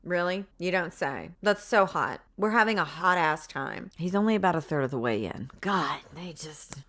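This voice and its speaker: A woman giving a sarcastic, crude book review, mocking the passages she reads aloud in a deadpan way. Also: on the low side, normal speed.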